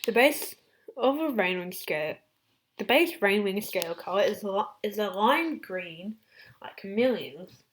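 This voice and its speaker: A woman with an Australian accent casually reading out facts in a chatty, excitable way, sometimes dropping into whispered asides. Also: mid-range voice, a little slow, a little hiss or hum. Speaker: fan channel host. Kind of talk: casual fact-reading vlog.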